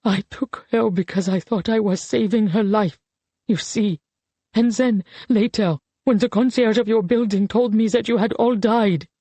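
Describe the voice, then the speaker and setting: A narrator voicing a guilt-ridden elderly man who pleads in a shaky, rasping, halting voice. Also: medium pitch, dark tone, dry recording, lightly acted. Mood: pleading.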